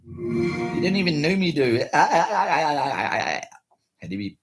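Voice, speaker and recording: A man rambles to his own camera, mocking himself and drifting between giggles and quiet mutters. His voice is husky and his pitch jumps around a lot as he talks. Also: sing-song, slow, soft background music. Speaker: vlogger. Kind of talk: rambling solo chat to camera.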